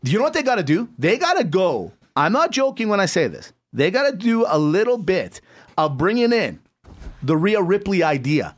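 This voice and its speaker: A man's voice: high-pitched, sing-song, moderate pace. A man co-hosting a wrestling chat show, playful and emphatic as he throws out questions to the others. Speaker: co-host. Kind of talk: casual sports chat.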